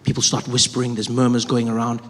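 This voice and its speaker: A man from South Africa doing animated stand-up storytelling. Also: medium pitch, fast talker. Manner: animated, acting out characters. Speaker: stand-up comedian. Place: live comedy venue. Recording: theater with long reverb and audience.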